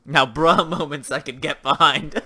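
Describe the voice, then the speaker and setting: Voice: medium pitch, measured pace, sharp tone. A young adult livestream host chatting casually with viewers, reading chat aloud and ranting sarcastically about games.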